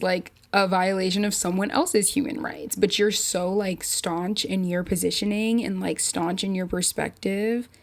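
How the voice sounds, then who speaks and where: A woman hosting her own podcast, thinking out loud in a rambling, unpolished way full of fillers. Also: medium pitch. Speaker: podcast host. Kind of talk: casual solo podcast chat.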